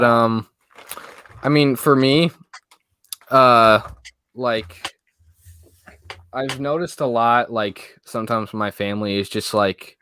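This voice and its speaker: A man's voice: medium pitch, pushed and bright, slight background noise. A young man who makes movie videos, chatting as an interview guest in a hesitant, rambling way full of fillers. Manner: hesitant, rambling, many fillers and "I don't know". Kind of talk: casual interview chat.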